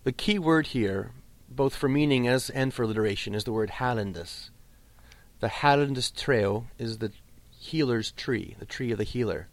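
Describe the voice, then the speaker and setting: A man teaching a lesson on Old English poetry, explaining patiently and slowing right down to recite the verse. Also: mid-range voice, dry recording. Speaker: literature teacher.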